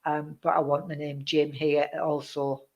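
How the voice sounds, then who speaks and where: Chatty woman, flat delivery. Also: sits low, measured pace, highs cut off. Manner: chatty, checks in with "okay?"; addresses viewers by name. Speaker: psychic medium. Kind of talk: live online reading.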